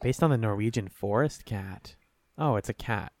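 A man's voice: lowish voice, normal speed, no room sound. A man co-hosting a casual podcast, joking and swearing freely, with a slight lisp. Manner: jokey, profane, reacts loudly. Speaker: podcast co-host. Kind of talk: casual chat.

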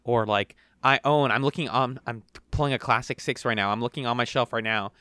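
A young man co-hosting a podcast, chatting casually and rambling through animated retellings. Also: mid-range voice, fairly quick, no room sound, clean studio sound. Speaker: podcast co-host. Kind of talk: casual chat.

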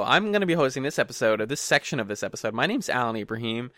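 A man's voice: mid-range voice, very animated, racing, fairly bright tone, faint music behind. A man hosting a podcast segment, telling self-deprecating stories in casual chat. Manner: self-deprecating, storytelling, laughs easily.

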